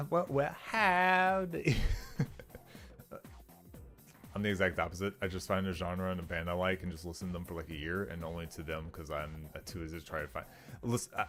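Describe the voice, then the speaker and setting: Chatty low-voiced male streamer. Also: fairly bright tone. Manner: rambling, chatty, laughs often, lots of fillers. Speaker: let's play streamer. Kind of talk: casual let's-play commentary.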